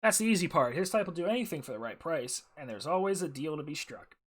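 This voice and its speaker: A man's voice: a little high, lively intonation, quick pace, breathy edge, voice pushed up. A man voicing a stern, by-the-book male jungle ranger officer, reading game dialogue aloud in a formal briefing tone.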